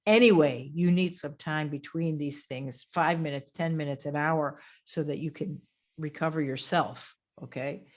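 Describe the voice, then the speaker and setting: A woman grief counselor giving a webinar lecture over a video call, calm and gentle, with frequent fillers. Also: deep voice, unhurried.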